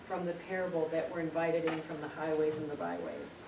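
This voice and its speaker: A woman's voice: deep voice, sing-song, fairly quick. Middle-aged lady telling stories at a spiritual meetup, heard from far off in a roomy hall with noise behind. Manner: storytelling, earnest, repeats words for emphasis. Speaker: spiritual speaker. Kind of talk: informal spiritual teaching to a group. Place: meeting room. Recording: echoey room, distant mic, noisy.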